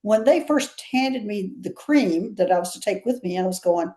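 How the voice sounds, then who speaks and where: A woman's voice: medium pitch, animated, normal speed, hardly any pauses, dark tone. A woman with a Southern US accent, a guest chatting and telling stories in an interview, often laughing. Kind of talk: casual interview storytelling.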